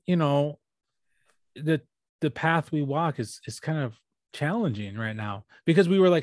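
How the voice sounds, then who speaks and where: A man in his thirties, a comedian and actor appearing as a podcast guest, who talks in a relaxed, thoughtful way with frequent ums and pauses. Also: a little high, dry recording, studio quality. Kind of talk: casual interview chat.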